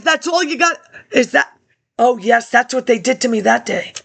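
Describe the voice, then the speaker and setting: A woman's voice: on the high side, expressive, a little slow, gravelly, fairly bright tone. A woman talking in a rambling monologue into a laptop webcam, jumping between topics and reading old documents aloud.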